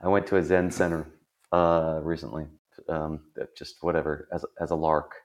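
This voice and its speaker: Man, deep voice, podcast host, casual rambling chat, self-deprecating. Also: little pitch movement, moderate pace, darkish tone.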